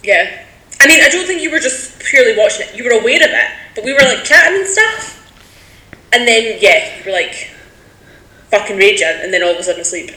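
A woman's voice: a little high, very animated, brisk, bright, forceful tone. A woman in her twenties, co-hosting a podcast, frank and sweary in casual chat. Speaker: podcast co-host. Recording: roomy echo.

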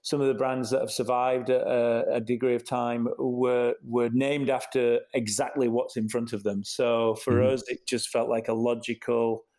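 A middle-aged man with a Yorkshire accent softened by years in America, talking as an interview guest in a thoughtful way, with many restarts. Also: medium pitch, little pitch movement, normal speed, hardly any pauses. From Yorkshire, England. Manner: thoughtful, many restarts and "you know" fillers. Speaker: interview guest, company co-founder. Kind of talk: casual conversational interview.

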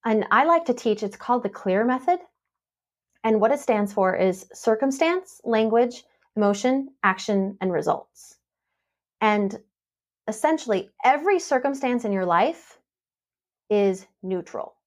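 A woman on a podcast, coaching and telling a story with lively quoted voices. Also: on the high side, measured pace. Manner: animated storytelling, acts out quoted dialogue. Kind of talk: casual podcast conversation.

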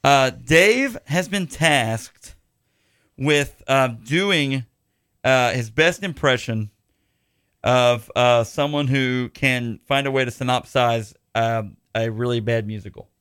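Jokey rambling podcast host, dry sound. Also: male voice, mid-range voice, slow, fairly bright tone, clean tone, dry recording. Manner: jokey, rambling, many fillers. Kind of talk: casual podcast chat.

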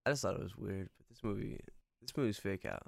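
A man's voice: lowish voice, quick pace, vocal fry, dry recording, clean studio sound. A man chatting casually while watching a movie, easygoing and laughing often.

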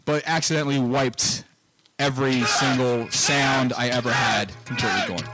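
A man co-hosting a radio talk show, joking in quick casual banter and taking phone callers. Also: medium pitch, steady tone, loud music behind the voice, rough recording.

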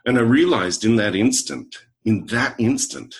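A man's voice: mid-range voice, a little slow, vocal fry. A middle-aged man telling a personal story in conversation, acting out the lines of people in it. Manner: animated storyteller who acts out quoted dialogue. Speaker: podcast guest, leadership coach.

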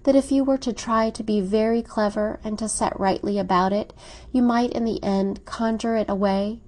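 A woman voicing a charming, scheming young man who speaks smoothly and persuasively. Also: mid-range voice, steady tone, normal speed, a little mellow, natural voice. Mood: coaxing.

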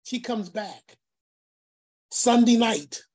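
A man tells a long family story, acting out the people in it and repeating words for effect. His voice is somewhat breathy and husky. At times his tone turns preacherly. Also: very high-pitched, very slow. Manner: animated, acts out voices, repeats phrases; preacherly, speaks of faith. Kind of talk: casual storytelling.

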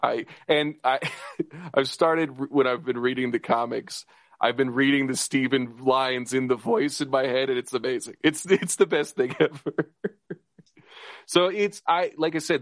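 A man chatting as a podcast co-host, rushing from thought to thought and restarting his sentences as he gets excited. His voice sits at an ordinary middle pitch, and the recording is close and dry with no room sound. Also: no echo. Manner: excited, rambling, fast with restarts and laughs. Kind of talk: casual chat.

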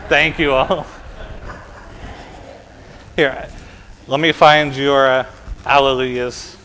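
Drawing out his words in a steady, pushed and bright mid-range voice, an American pastor leads a children's sermon in a church sanctuary. He keeps it chatty, questions the kids and tacks "right?" onto his points, all on a low-quality recording.

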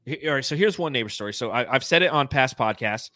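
A California man co-hosts a casual sports podcast, spinning animated stories and laughing often. His voice sits in the mid-range and moves at a quick pace, with no room sound in the recording.

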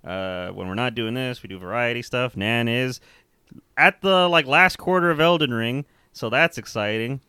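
A young man co-hosting a casual podcast, rambling along, laughing often and swearing freely. His voice comes through smooth and resonant, recorded close and dry. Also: mid-range voice, moderate pace, bright, forceful tone, no room sound. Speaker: podcast co-host. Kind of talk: casual chat.

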